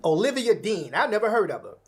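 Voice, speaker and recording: A man's voice: high voice, big pitch swings, brisk. A man talks through his own video commentary. His tone is dismissive and sarcastic, and he keeps the delivery conversational. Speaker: commentator in played clip.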